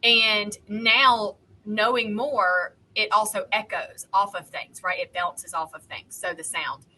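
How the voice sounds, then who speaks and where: A woman, co-hosting a podcast and telling a story in a heated, animated way. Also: medium pitch, takes it slowly, low-quality recording. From North Carolina, US. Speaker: podcast co-host. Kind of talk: casual chat, storytelling.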